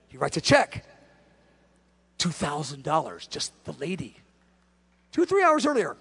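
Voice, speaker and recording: A male pastor delivers a storytelling sermon and acts out every part with lively swings of pitch. His voice sits fairly high and carries a gravelly rasp. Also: moderate pace, pauses often. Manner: animated, acts out dialogue.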